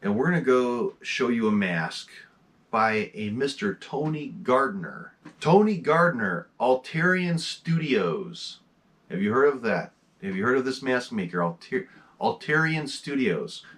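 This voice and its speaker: Chatty man rambling with a lively voice. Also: medium pitch, measured pace. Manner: rambling, enthusiastic, many fillers. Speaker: horror mask collection host. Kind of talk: casual vlog chat. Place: home mask room at a desk.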